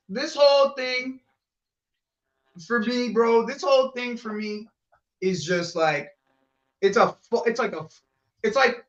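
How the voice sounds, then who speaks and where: A man's voice: high voice, highs cut off. A man co-hosting a casual football podcast, swearing and ranting with lots of energy. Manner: animated, swears a lot, rants. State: agitated, rattled. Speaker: podcast co-host.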